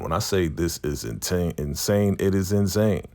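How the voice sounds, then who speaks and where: A man with a very low, gravelly voice recaps a TV episode in a casual, animated way. His pitch swings widely as he jumps into the characters' lines. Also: a little slow, hardly any pauses. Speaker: TV recap vlogger.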